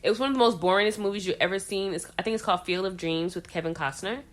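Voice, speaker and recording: A middle-aged woman in an easygoing chat, thinking out loud with lots of restarts. She sounds animated and open, with a mid-range voice. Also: mid-range voice, racing. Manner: expressive, reflective, many restarts. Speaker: podcast co-host. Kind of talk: casual chat.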